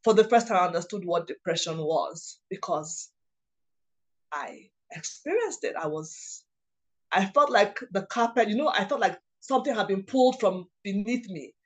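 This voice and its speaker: A woman, a mother of several children, telling a personal story in a halting, emotional way, often restarting her sentences. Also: medium pitch. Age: adult mother of several children. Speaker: guest sharing a personal story.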